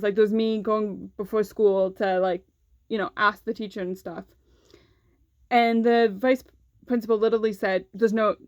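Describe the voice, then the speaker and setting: A woman's voice: mid-range voice, darkish tone, no echo, highs cut off. A young woman vlogger telling a personal story in a candid, casual way, swearing freely and saying "like" often.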